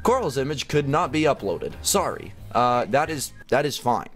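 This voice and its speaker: Lively young man commenting on a game. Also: medium pitch, moderate pace, faint music behind. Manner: chatty, laughing, exclaiming. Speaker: gaming YouTuber. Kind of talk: casual gameplay commentary.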